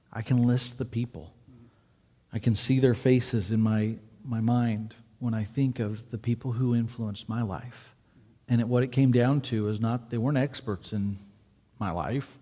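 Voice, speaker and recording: A male pastor hosts the talk, earnest with a joking streak. His voice sits at a middle pitch. It echoes with a long reverb through a large church hall. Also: dark tone. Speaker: pastor and host. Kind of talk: casual stage conversation in church. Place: church sanctuary.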